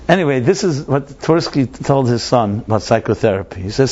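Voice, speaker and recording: Rabbi lecturing, chatty digressive storyteller, mid-pitched man; lo-fi sound. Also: expressive, a little fast, few pauses, darkish tone. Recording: dull lo-fi lecture recording.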